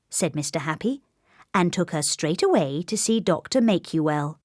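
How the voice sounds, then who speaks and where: A woman narrating a children's storybook, gentle and expressive. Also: sits low, moderate pace, no echo, clean studio sound.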